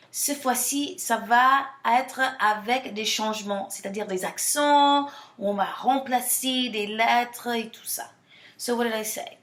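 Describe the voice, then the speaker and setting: Woman teacher walking the class thru french verbs, says each word slow, roomy echo. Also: medium pitch. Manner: switches between French and English, repeats words slowly; encouraging, asks questions and answers them. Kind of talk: classroom lesson. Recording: echoey room.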